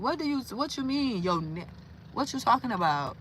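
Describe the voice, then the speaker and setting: A woman from Louisiana hosts a casual livestream chat, her voice pitched a little high and very bright. She talks in an exclamatory, incredulous way and breaks into laughter often. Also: big pitch swings, normal speed, a little hiss or hum. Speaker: livestream host.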